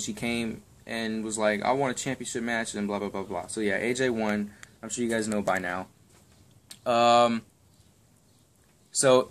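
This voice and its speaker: A man's voice: medium pitch, fairly bright tone. Rambling, crude young man. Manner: rambling, crude and offhand, lots of ums and swearing. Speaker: wrestling predictions vlogger. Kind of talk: casual chat.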